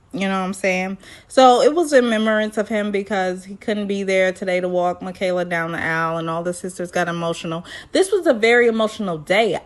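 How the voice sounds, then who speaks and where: A woman chatting through a reality TV episode recap, acting out what the people on screen said in other voices. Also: medium pitch. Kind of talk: casual recap vlog.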